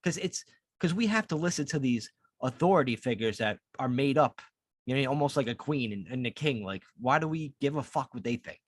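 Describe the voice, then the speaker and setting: A man co-hosts a podcast, talking in a loose, profane, heated rant. His voice sits at an ordinary middle pitch. The sound is dry and close, with no room around it. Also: animated, a little fast, no echo. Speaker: podcast co-host. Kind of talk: casual podcast chat.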